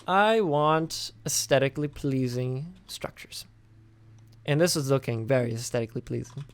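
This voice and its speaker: A man's voice: mid-range voice, no echo. A young male gaming host talks casually while he builds, tired and drowsy. He rambles in a chatty way, with fillers and false starts. The sound is dry and close, like a desktop gaming mic in a dead room. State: tired and sleepy.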